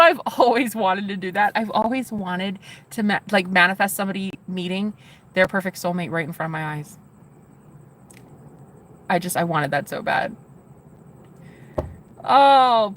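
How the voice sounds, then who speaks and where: A woman live streamer chatting casually with her viewers, gushing and excitable, with casual swearing. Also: mid-range voice, moderate pace, slight background noise.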